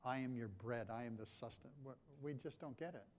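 A man preaching a sermon as pastor, dropping to quiet lines and then rising to loud, emphatic ones, often repeating his phrases. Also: mid-range voice, a little fast.

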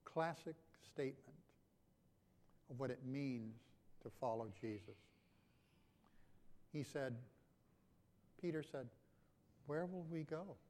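Preaching as a pastor, a man drops to quiet lines, then rises to loud, emphatic ones, often repeating his phrases. His voice is mid-range, his pace slow, with frequent pauses.

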